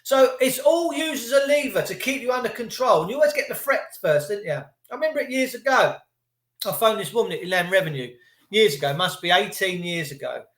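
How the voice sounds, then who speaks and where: Middle-aged man, high-pitched, sweary rambling rant host, echoey room. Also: expressive, brisk, fairly bright tone. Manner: profane, sarcastic, rambling. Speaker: livestream host. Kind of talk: ranting live monologue.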